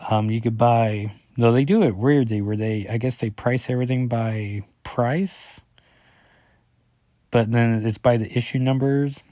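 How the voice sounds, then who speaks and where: A man's voice: mid-range voice, steady tone, unhurried, dark tone, no room sound. A man casually talking through a comic book issue as a reviewer, rambling and correcting himself often with lots of fillers.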